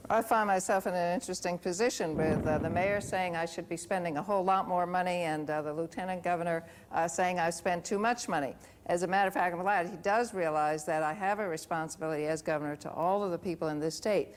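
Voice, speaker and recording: A woman, a state governor, replying in a televised debate in a measured way with frequent hesitations. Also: on the low side, slight background noise. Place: TV studio.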